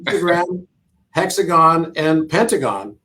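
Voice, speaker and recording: A man's voice: fairly high pitch, sing-song, measured pace, pushed and bright. A middle-aged man in casual conversation as a podcast guest, eagerly explaining number patterns with emphatic repeats and laughs.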